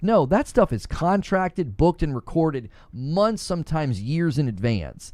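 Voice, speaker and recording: A man's voice: on the high side, big pitch swings, a little slow, few pauses, a little mellow, no room sound. A man co-hosting a casual gaming news talk show, explaining his view at length in an argumentative way. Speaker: podcast co-host.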